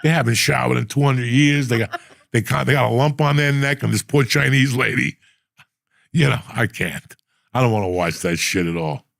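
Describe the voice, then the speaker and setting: A man's voice: mid-range voice, moderate pace, a bit bright, no echo, clean studio sound. A middle-aged man hosting a casual chat, telling blunt, profane stories in a rambling way. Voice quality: gravelly, husky. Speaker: podcast host.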